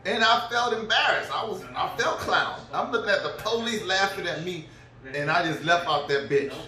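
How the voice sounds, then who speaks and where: A middle-aged man rants through a crude story in a high, bright voice. He rambles and laughs at his own tale. The sound is distant and echoey, as if the mic sits across a room. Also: moderate pace. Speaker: vlogger. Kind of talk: profane storytelling rant.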